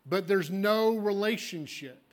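Emphatic high-voiced male pastor preaching. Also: a little slow. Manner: emphatic, swings from loud declarations to hushed asides; acts out congregants' objections in a small voice. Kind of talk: sermon.

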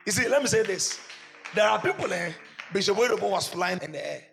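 A man with a Ghanaian accent preaching a sermon, swinging between loud shouts and low asides. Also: animated, brisk, creaky, big-room sound, slight background noise. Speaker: pastor.

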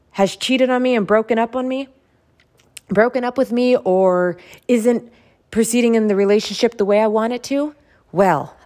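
A woman's voice: a little high, a little mellow. A woman hosting a motivational self-help podcast, speaking earnestly and repeating phrases for emphasis. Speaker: podcast host.

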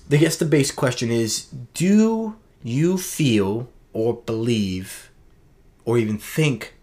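Low-voiced man rambling earnestly. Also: a little mellow. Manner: rambling, earnest, self-correcting. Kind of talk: casual late-night monologue.

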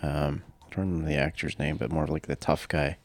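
Very deep-voiced hesitant man. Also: flat delivery, quick pace, no echo. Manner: agreeable, hesitant, many fillers and backchannels. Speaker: podcast co-host. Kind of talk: casual chat about a TV show.

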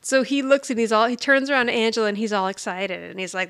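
Woman podcaster retelling scenes, does little character voices, laughs a lot, kinda high voice. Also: fast talker, a bit bright, smooth. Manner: acts out characters' lines while retelling, laughs often. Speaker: podcast co-host. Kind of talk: casual rewatch chat, retelling scenes.

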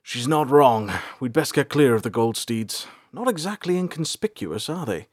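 A man's voice: medium pitch, lively intonation, normal speed, dry recording, studio quality, voice pushed up, close to an everyday voice. A man voicing a boisterous, friendly male adventurer in a storybook. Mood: hearty. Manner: loud, hearty, jokey.

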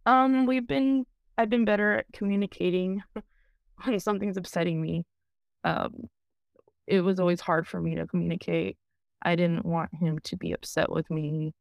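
A woman's voice: on the low side, creaky, dry recording, studio quality. A woman talking candidly in an interview, rambling and filling her talk with "you know" and "like". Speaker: program client sharing her story.

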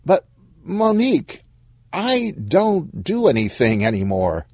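A man's voice: a little high, sing-song, a little slow, no room sound, studio quality, voice pushed up, exaggerated voice. A man voicing a meek male CEO who is flustered and hesitant, stammering as he talks.

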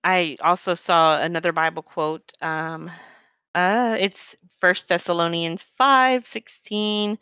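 A woman's voice: fairly low pitch, a little slow, sharp tone, clean tone, dry recording. A middle-aged woman talking earnestly in a rambling, heartfelt faith-based monologue, full of fillers.

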